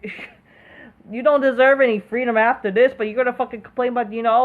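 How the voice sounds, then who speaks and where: A woman's voice: on the high side, expressive, brisk, narrow, tinny audio. A woman hosting an online commentary video, delivering an angry, profane rant full of fillers, restarts and constant swearing.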